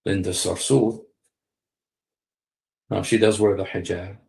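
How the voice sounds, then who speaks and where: A man's voice: on the low side, steady tone, drawn-out words, long pauses, a little mellow. A man in his sixties giving casual livestream commentary, rambling, repeating key phrases and speaking straight to his viewers. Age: 60s. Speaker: live streamer. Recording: roomy echo.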